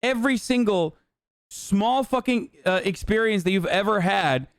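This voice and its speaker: During live-stream commentary, a young male streamer rants heatedly and with lots of profanity, reading posts aloud and mocking them. His voice is high-pitched and smooth at a normal pace, in a dry recording.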